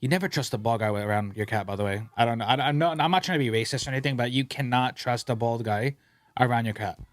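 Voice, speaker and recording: A man hosting a podcast in a studio, rambling through stories in a casual, profane, animated way. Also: medium pitch, fast, no room sound. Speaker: podcast host.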